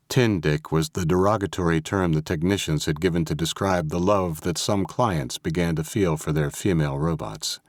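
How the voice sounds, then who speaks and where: A man narrating a thriller audiobook in a steady, even storytelling manner. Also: deep voice, moderate pace, few pauses, dry recording. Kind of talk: scripted narration. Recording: dry close studio audio.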